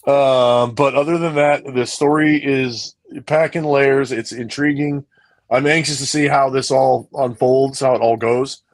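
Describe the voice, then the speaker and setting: A man's voice: medium pitch, steady tone, measured pace. A man co-hosting a podcast in casual chat, rambling and repeating his phrases. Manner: rambling, repeats himself often. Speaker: podcast co-host.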